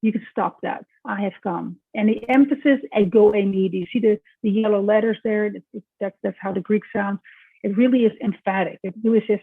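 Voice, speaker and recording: Husky woman lecturing over a tinny line. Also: medium pitch, fairly quick, dry recording. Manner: conversational, with restarts and "right?" checks. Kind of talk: recorded lecture. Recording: tinny, phone-like dry recording.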